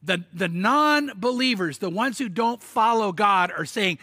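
A man preaching a sermon, telling the story in an animated way with stammered restarts and sudden emphatic bursts. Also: high voice, measured pace, dry recording. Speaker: pastor.

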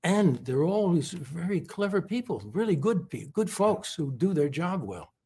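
A man from California, a guest in an interview, giving heartfelt praise in halting speech full of repeated words and fillers. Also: high voice, very animated, a little mellow, husky.

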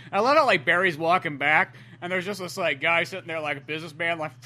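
Podcast guy rambling and cussing, kinda high, bright voice. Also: fast talker, few pauses. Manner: rambling, profane, jokey, lots of "like". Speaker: podcast co-host. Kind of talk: casual chat.

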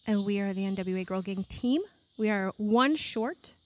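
A woman from New York hosting a casual podcast chat, bubbly and quick to laugh, recorded on a back deck at night. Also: medium pitch, a little mellow, slight background noise. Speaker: podcast host.

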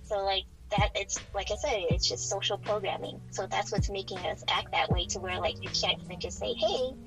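A woman's voice: medium pitch, little pitch movement, brisk, creaky, rough recording. A woman co-hosting a podcast in casual chat, playful and laughing often, with music playing behind. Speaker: podcast co-host.

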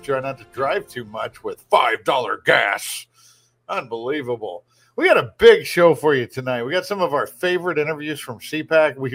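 A man's voice: fairly high pitch, a bit bright. A man hosting a radio talk show from a studio, chatting casually and rambling, often restarting his sentences. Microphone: studio broadcast microphone.

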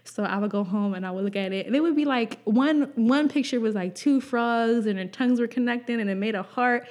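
Animated young woman telling a story. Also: fairly high pitch, fairly quick. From Pennsylvania. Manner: animated, profane, laughing storyteller acting out quotes. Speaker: podcast host. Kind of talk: casual storytelling chat.

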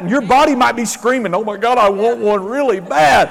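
High-voiced preacher man in a reverberant church. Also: a little fast, gravelly, few pauses. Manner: animated, rising to shouts, acts out quotes. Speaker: pastor. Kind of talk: sermon. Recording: long hall reverb.

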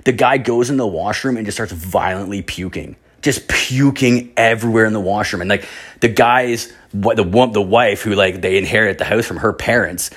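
A man's voice: fairly low pitch, moderate pace, fairly bright tone, breathy edge. A young man casually telling a rambling story, swearing constantly and acting out other people's voices.

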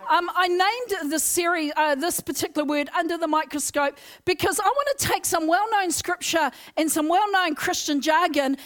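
A young woman with a very high voice, appearing as a guest preacher at a church service, delivers an energetic Pentecostal sermon. She's loud and exclaiming, leading the congregation in call-and-response.

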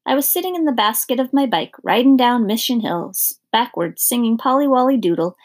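A woman voicing a boastful, boisterous young boy who talks loudly and offhandedly. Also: fairly high pitch, expressive, fairly quick. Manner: loud, offhand.

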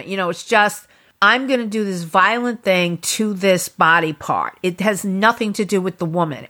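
A woman's voice: fairly low pitch, fairly bright tone. A middle-aged woman hosting her own podcast, talking alone in a chatty, rambling, frank way. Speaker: podcast host. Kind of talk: casual solo podcast talk.

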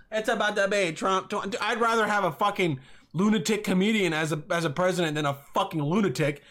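A young man with a notably high voice hosts his own podcast, rambling and cursing as he rants. He swings from loud outbursts to calmer stretches, circling back over his points. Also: fairly quick. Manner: profane, rambling, yelling in bursts. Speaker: podcast host. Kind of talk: solo podcast rant.

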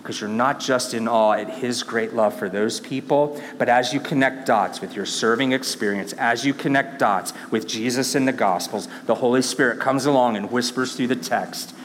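A male pastor preaching a sermon, swinging between hushed, intimate lines and emphatic, rising passages. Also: medium pitch, normal speed, hardly any pauses, in a large hall, a little hiss or hum. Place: church sanctuary.

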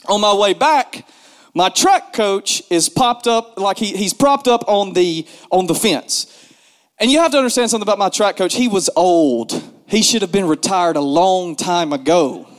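A man telling a comic story in an animated, self-mocking way, repeating words for emphasis. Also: sits high, normal speed. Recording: long hall reverb.

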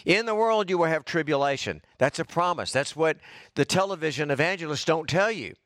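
A man's voice: fairly high pitch, expressive, a little fast, a bit bright, no room sound, studio quality. A middle-aged man, preaching a fervent, fired-up sermon as pastor.

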